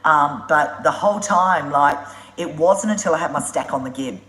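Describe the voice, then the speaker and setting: A motorbike traveller hosting a live Q&A spins travel stories on a casual live stream, blunt and animated, laughing often and swearing without a second thought. Her low-pitched voice moves at a moderate pace and echoes around a roomy space.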